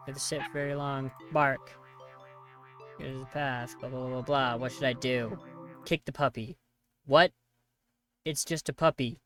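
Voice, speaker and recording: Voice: medium pitch, a bit bright. A gamer narrating a text horror game, reading its lines aloud, skimming with sarcastic asides and mock outrage at the choices. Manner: sarcastic, skims text with "blah, blah"; reads choices then reacts with mock outrage. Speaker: video game player.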